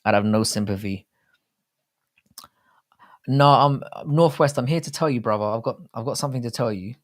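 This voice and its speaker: A man's voice: lowish voice, rapid-fire. A British man co-hosting a live stream chat, rambling in a casual, profane way. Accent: British English. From Britain.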